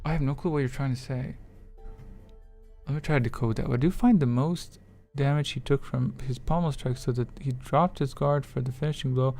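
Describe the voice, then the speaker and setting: A man talks loosely through a live stream with a gravelly, fry-tinged voice. He rambles, curses and reads viewers' messages aloud. Faint music plays underneath. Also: medium pitch, fairly even intonation, normal speed, darkish tone. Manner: rambling, swears freely, reads chat aloud. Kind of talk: casual livestream chat.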